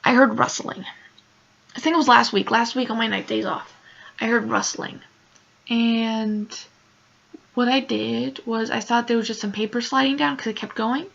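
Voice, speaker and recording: Young woman vlogger, upset and near tears, rambling, fry-heavy bright voice, muffled lo-fi audio. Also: on the high side, fairly even intonation, normal speed. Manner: emotional, rambling, many "like" fillers. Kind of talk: casual storytelling vlog.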